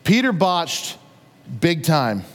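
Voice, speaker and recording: Male preacher, conversational storyteller who acts out scenes; high voice, echoing hall. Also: big pitch swings, takes it slowly. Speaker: pastor. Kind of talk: sermon. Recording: long reverb of a large hall.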